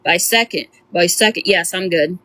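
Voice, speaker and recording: A woman's voice: fairly low pitch, normal speed, pushed and bright, no echo. A woman streamer reacting to a clip, roasting the speaker with mocking, teasing commentary. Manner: teasing, roasting, exaggerated squeals.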